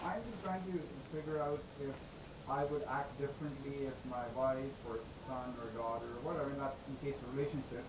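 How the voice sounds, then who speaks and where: A man's voice: medium pitch, steady tone, a little fast, noisy background. A man in the audience thinking aloud, hesitant as he poses a question to the speaker. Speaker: audience member. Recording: echoey hall, distant from the mic, audience around.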